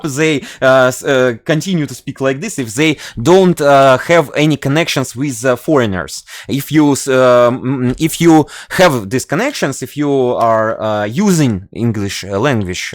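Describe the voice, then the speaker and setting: A man's voice: medium pitch, no echo, studio quality. A man from Russia with a Russian accent, hosting a casual podcast in English, hesitant and full of fillers and restarts. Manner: hesitant, many fillers and restarts, laughs often. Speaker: podcast host.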